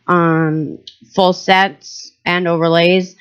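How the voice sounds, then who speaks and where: A woman with a Boston accent co-hosts a casual talk podcast in an easygoing, chatty way. Her voice sits low and sounds smooth and clear. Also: level tone, extremely slow, highs cut off. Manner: laid-back, chatty, plugging her nail business. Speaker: co-host.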